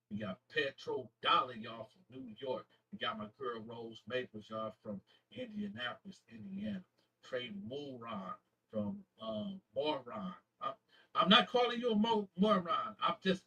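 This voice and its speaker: Channel host from Flint, male, husky and a bit off-mic, slangy casual shout-outs. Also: mid-range voice, distant mic, low-quality recording. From Flint, Michigan. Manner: slangy, halting name reading with self-corrections.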